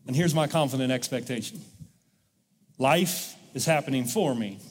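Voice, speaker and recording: A man's voice: mid-range voice, moderate pace, slight background noise. Man preaching in a reverberant church. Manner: call-and-response, urging the congregation to repeat. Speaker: pastor. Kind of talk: sermon. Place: church sanctuary.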